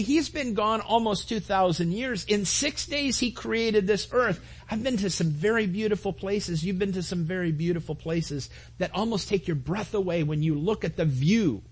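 A man's voice: sits high, moderate pace, few pauses, breathy edge. A man preaching a sermon to his congregation, earnest, with repetitions and asides to the listeners. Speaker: pastor.

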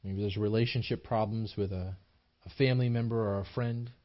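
Dull audio carries a lowish male voice, brisk and fairly even in intonation. He's a pastor delivering a sermon in a small church, earnest and emphatic, with frequent restarts and repetition as his points build.

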